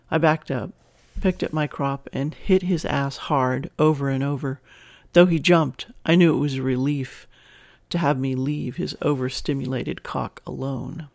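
A man reads a first-person erotic story in an even, measured way. His voice sits a bit high for a man. The recording is close and dry, with no echo. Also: gravelly. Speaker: story reader.

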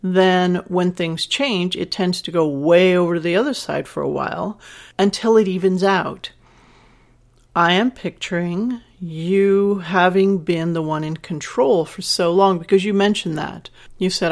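Frank, gravelly woman sex educator. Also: fairly low pitch, measured pace. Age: over 50. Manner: frank, candid and conversational, tells personal stories. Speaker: sex educator and podcast host. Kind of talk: podcast advice talk to a listener.

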